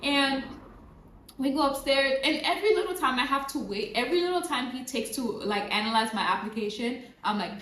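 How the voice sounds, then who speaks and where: Woman vlogger, casual storytime, lively and repetitive, fairly high voice, roomy echo. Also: fairly quick. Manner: animated retelling, repeats phrases for emphasis. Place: near a road with passing cars. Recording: roomy sound with faint traffic noise. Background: passing traffic.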